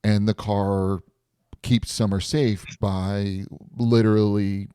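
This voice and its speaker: A man's voice: lowish voice, level tone, takes it slowly, dark tone, smooth, no echo, studio quality. A man hosting a live stream chat, animatedly retelling a story and laughing often.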